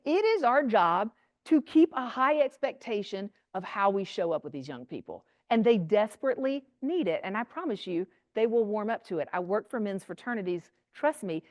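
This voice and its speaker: A woman's voice: mid-range voice, no room sound. Chatty, blunt woman addressing parents. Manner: chatty, blunt and animated, with quoted voices. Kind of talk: lively talk to an audience. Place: room with an audience.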